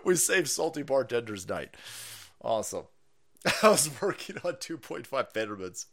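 A man ranting on his own livestream, profane and loose and quick to laugh. His pitch swings widely as he gets worked up, with a middle-range voice beneath it. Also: creaky. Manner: profane, laughs often, animated. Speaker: livestream host. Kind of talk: ranting political livestream commentary.

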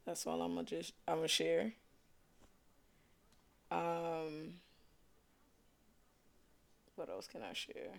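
A young man with a New York accent rambles through a casual solo podcast, loose and slangy. He talks in an unhurried, drawn-out way. His voice carries a rough, gravelly fry. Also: a little high, expressive. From Brooklyn, New York. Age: young adult. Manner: laid-back, slangy and rambling. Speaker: podcast host.

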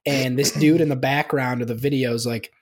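A man's voice: mid-range voice, fairly even intonation, a little fast. A young man co-hosting a podcast, joking wryly and telling stories in casual chat. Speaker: podcast co-host.

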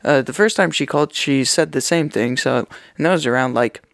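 A man's voice: medium pitch, a little fast, creaky, no room sound, studio quality. A man who works at a sandwich shop, chatting casually and acting out callers. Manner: animated, acts out callers. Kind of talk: casual chat.

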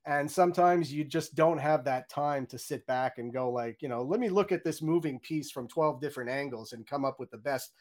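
A middle-aged man, a game audio director, chatting in an interview and acting out his own reactions in quoted lines. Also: on the high side. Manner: fast, chatty, many "you know"s and restarts. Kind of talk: candid interview storytelling.

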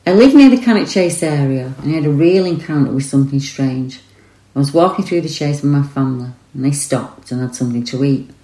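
A woman's voice: low-pitched, lively intonation, dark tone, roomy sound, low-quality recording. A woman reading as a shaken eyewitness. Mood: earnest. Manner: earnest, rushed first-person retelling. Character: shaken eyewitness recalling a forest encounter.

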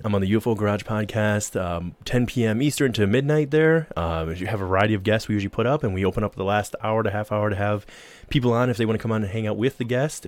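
A man's voice: fairly low pitch, a little mellow, dry recording. A man chatting as a podcast guest, joking and laughing often. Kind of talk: casual podcast chat.

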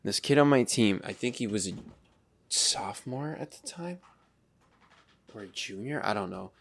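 A young man in his twenties co-hosting a casual podcast chat, telling animated stories and acting out quotes. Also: moderate pace, gravelly. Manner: animated storyteller, acts out quotes in higher voices. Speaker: podcast co-host.

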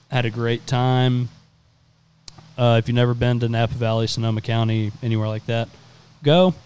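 A man's voice: medium pitch, a little mellow, smooth. A man in his twenties, a podcast co-host, telling a rambling, profane story in casual chat. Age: 20s.

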